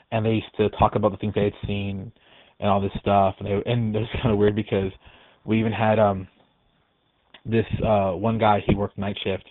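A care facility staff member tells a ghost story in a low-leaning male voice, rambling and hesitant, restarting often. It's a tinny, phone-like recording, dry with no room sound.

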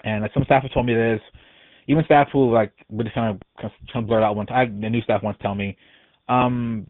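Calling in from Texas, this man tells a ghost story in a steady voice on the low side, talking a little fast and rambling with lots of fillers and false starts. The phone line sounds tinny, dry, and echo-free.

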